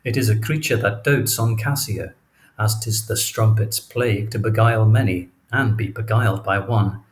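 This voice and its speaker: A man's voice: lowish voice, steady tone, normal speed, close to an everyday voice. A male audiobook reader voicing a cunning, scheming villain with a sly, insinuating delivery. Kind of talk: audiobook character reading.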